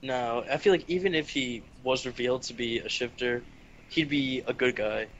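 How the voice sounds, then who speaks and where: A man's voice: mid-range voice, normal speed, a bit bright. A young man co-hosting a casual fan podcast, teasing the others and laughing often. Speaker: podcast co-host. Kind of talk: casual chat. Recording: lo-fi audio with faint noise.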